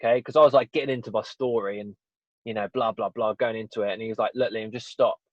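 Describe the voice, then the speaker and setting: A man's voice: on the low side, steady tone, fast talker, no room sound. A man, a podcast guest telling a personal story in an earnest, rambling way, with frequent "you know" and "right?". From England. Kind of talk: personal storytelling in a casual interview. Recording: dull, dry podcast audio.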